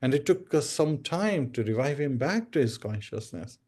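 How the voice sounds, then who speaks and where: A man's voice: mid-range voice, big pitch swings, moderate pace, dark tone, slightly rough. A man voicing Mohan, an earnest, bewildered young man in a spoken story. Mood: worried.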